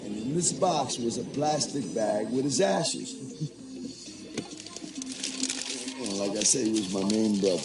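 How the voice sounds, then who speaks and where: A man's voice: fairly low pitch, lively intonation, normal speed, hardly any pauses. A middle-aged man telling a personal story for a documentary in a candid, profane and darkly humorous way. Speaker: interviewee. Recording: roomy, from a distance, faint music.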